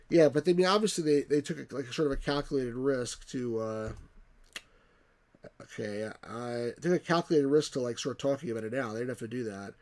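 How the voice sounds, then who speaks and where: A man's voice: mid-range voice, fairly quick, darkish tone. A man hosting a let's play, rambling casually as he reads game text and chat aloud.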